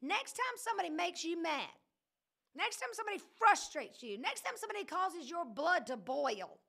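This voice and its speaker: A woman's voice: extremely high pitch, big pitch swings, normal speed, gravelly, bright, forceful tone. A woman leading a casual livestream Bible study, preaching in a chatty, joking way that keeps wandering off into digressions.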